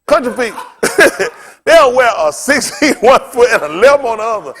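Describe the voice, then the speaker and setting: A man's voice: very high voice, sing-song, moderate pace, a bit bright, a little hiss or hum. A male pastor preaching a sermon with funny stories, talking in a loose, colloquial way and often laughing as he tells them. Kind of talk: sermon with humorous storytelling.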